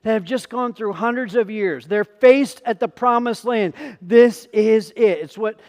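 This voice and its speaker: A man's voice: sits high, unhurried, a little mellow. A man pastor giving an emphatic sermon, repeating phrases and firing rhetorical questions at the congregation. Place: church sanctuary. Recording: long hall reverb.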